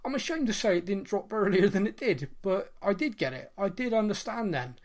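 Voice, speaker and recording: A man's voice: high-pitched, expressive, a little fast. Earnest man in his thirties. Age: 30s. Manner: earnest, reflective, with many fillers and restarts. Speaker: podcast co-host. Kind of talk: casual podcast chat.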